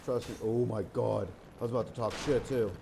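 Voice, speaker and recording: Let's play host, male, mid-range voice, rambling thinker-aloud who swears at the game; clear noise floor under the mic. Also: medium pitch, fairly even intonation, a little fast. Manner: rambling, thinks aloud, breaks into exclamations and curses. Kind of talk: casual gameplay commentary.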